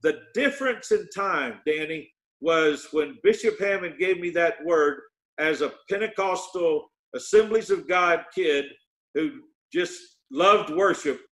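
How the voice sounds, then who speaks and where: A man, a guest minister telling a testimony with many pauses and fillers. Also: on the high side. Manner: halting with many fillers, bursts of excited quoting. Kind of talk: storytelling testimony.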